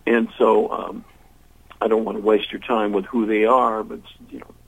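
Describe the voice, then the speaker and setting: An older man, a musician and interview guest, telling a long anecdote in a lively way and acting out the voices of the people in it. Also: fairly low pitch, moderate pace, creaky, husky, muffled recording. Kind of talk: storytelling in an interview.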